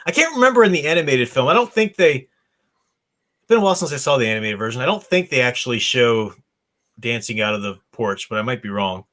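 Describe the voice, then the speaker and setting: American male host, book discussion, reads the lines with animated voices. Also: mid-range voice, fairly quick. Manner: reads dialogue with lively expressive voices. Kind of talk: reading aloud and discussing a novel.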